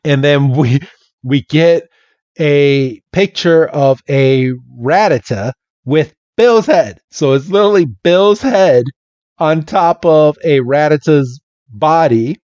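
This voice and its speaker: A man's voice: fairly high pitch, slow, darkish tone, dry recording, highs cut off. A man hosting a podcast and retelling a comic chapter in a chatty, casual way. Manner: chatty, laughing storyteller. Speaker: podcast host.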